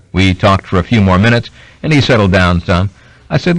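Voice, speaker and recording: A man reading a biography aloud as an audiobook narrator, in steady scripted narration. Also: deep voice, normal speed, no room sound, poor audio. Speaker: audiobook reader.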